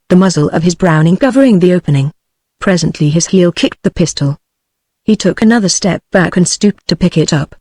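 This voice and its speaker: A text-to-speech woman's voice with a British English accent, reading a novel aloud in an even, measured way. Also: lowish voice, no echo. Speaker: audiobook narrator. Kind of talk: scripted narration.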